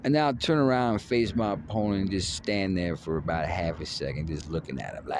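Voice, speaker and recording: Filming himself on his phone, a vlogger rambles through boastful, playfully taunting trash talk about a fight. He has a low voice and talks fairly quickly with hardly any pauses, over a noisy background.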